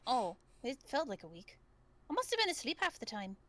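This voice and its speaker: A woman's voice: on the high side, very animated, brisk, fairly bright tone, dry recording, voice pushed down. A woman voicing a sheltered young adventurer woman in a tabletop game, asking eager, wide-eyed questions in a put-on accent. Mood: worried.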